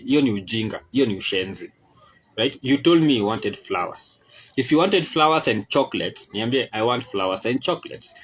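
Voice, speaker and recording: Animated Kenyan man mixing Swahili. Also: mid-range voice, breathy edge, low-quality recording. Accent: Kenyan English with Swahili and Sheng code-switching. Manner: animated, exasperated, mixes English and Swahili. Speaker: podcast host. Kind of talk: casual opinion monologue.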